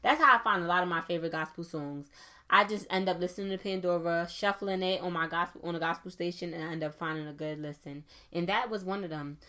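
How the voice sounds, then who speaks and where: A young woman hosting a faith podcast, talking fast and chatty, often checking in with listeners with a quick "okay?". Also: on the low side, sharp tone. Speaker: podcast host. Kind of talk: casual faith podcast monologue.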